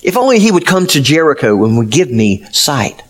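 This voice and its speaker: A preacher acting out a desperate blind beggar. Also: male voice, fairly high pitch, very animated, fairly quick. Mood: hopeful. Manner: pleading, shouting.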